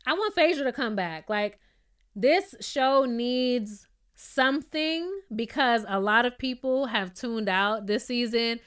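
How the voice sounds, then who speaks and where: A young woman tears through a reality TV recap in a casual, opinionated rant. Her voice sits a little high and sounds smooth and clear, and she leans on pointed rhetorical questions. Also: slow pace, a bit bright. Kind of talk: casual ranting show recap.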